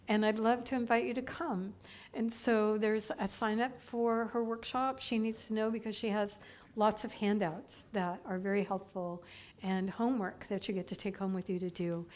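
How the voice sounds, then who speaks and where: A woman's voice: medium pitch, a little mellow. A middle-aged woman minister giving chatty, upbeat church announcements to her congregation, laughing now and then.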